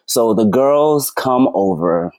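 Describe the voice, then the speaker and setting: A man telling a story as a podcast guest, animated, rambling and acting out quoted dialogue. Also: mid-range voice, dry recording. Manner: fast, rambling with many "like"s. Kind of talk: casual storytelling chat.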